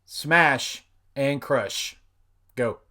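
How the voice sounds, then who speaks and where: A man's voice: medium pitch, very slow, sharp tone. A man hosting a casual podcast trivia game, upbeat and laughing often. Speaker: game show host.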